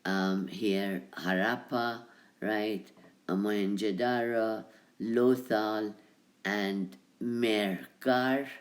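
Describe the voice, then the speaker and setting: Slow, hesitant male history lecturer. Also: lowish voice, steady tone. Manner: hesitant, full of ums and tag questions; talks over slides or video. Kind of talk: recorded lecture.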